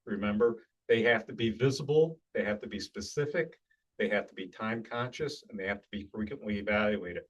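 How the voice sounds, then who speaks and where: Middle-aged male sales coach, breathy husky voice, plain talk with many restarts. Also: fairly low pitch, fairly quick, rough recording. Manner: conversational and plainspoken, with frequent restarts. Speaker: sales trainer. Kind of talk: recorded training talk.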